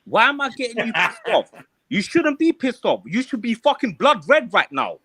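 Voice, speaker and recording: A man's voice: very high voice, sing-song, normal speed, bright, forceful tone, husky, dry recording. A young man with a London accent, arguing heatedly on a live online panel, swearing and threatening, then backing down. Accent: London English. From England.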